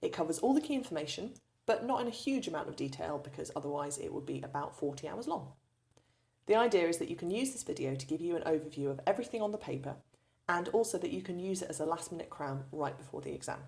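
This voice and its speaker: A woman with a low, somewhat gravelly voice walks students through chemistry revision. She explains patiently, one step at a time, in the tone of a recorded teaching video. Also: expressive, quick pace, a little mellow.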